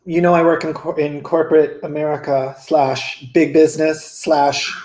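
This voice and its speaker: A man's voice: on the high side, flat delivery, normal speed, a little mellow, roomy sound, natural voice. A man voicing a harried newspaper editor who stammers when exasperated.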